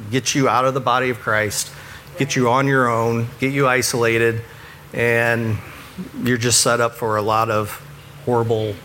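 A man's voice: mid-range voice, fairly bright tone, slight background noise. A man who works with churches, giving earnest, conversational faith advice and chuckling at himself now and then. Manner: earnest, self-deprecating, chuckles at his own stories. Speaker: church ministry worker.

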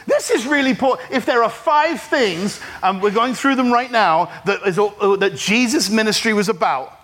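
A middle-aged man preaches to his congregation in a high, bright voice. He is animated and humorous and pulls the room into call-and-response. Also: normal speed. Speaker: pastor. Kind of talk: sermon. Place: church service.

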